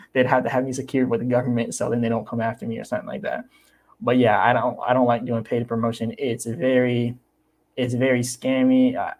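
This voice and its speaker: Young man chatting animatedly about crypto. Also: medium pitch. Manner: animated, repeats himself, acts out quoted people. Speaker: crypto YouTuber. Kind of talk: casual livestream chat.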